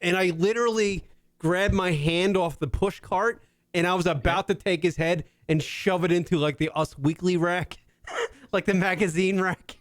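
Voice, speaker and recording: Profane, animated male comedy podcast host. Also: high voice, normal speed, no room sound, studio quality. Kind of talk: casual comedy chat.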